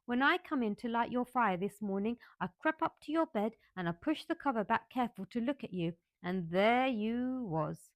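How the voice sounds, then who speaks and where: A woman's voice: on the high side, animated, a little fast, few pauses, no room sound, voice pushed up, close to an everyday voice. A sturdy, cheerful young housemaid with a broad Yorkshire accent, as a woman reader puts her on. She talks bluntly and a lot, in a storybook reading. The sound is dry and close. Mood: indignant.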